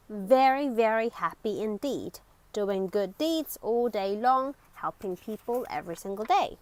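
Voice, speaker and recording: A woman reading a children's picture book aloud in an expressive way, with dramatic whispers and exclamations. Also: on the high side, no echo, poor audio. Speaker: storybook reader.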